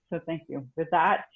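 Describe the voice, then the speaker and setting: A woman presenting her dissertation defense as a doctoral candidate, earnest and reflective. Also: fairly low pitch. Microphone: video call. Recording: tinny video call line.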